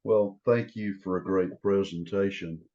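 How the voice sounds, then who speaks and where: An older man, an attendee on a video call, speaking in a polite, measured, appreciative way. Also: deep voice, steady tone, mellow. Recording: dull, muffled video-call audio.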